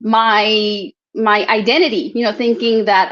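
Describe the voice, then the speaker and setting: A woman's voice: mid-range voice, fairly even intonation, slow pace, a bit bright. A woman hosting a talk show, speaking in a reflective, chatty way over a video call. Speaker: host. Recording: dull lo-fi stream audio.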